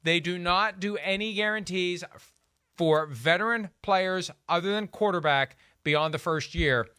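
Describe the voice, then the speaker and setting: A man with a bright, crisp, fairly high voice, walking through figures and details in a casual sports talk. The sound is close and dry, with no room around it. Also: measured pace, no echo. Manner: detailed, explanatory, runs through contract numbers. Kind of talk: casual sports analysis chat.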